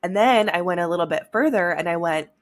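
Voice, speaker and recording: A woman's voice: on the low side, a little fast. A young woman hosting a solo podcast, talking frankly and with energy, swearing casually and addressing her listeners directly. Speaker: podcast host. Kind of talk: candid solo podcast talk.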